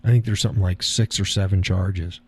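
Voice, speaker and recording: A man's voice: low voice, steady tone, a little fast, breathy edge. A man hosting a live stream, talking casually and rambling, chuckling at his own remarks.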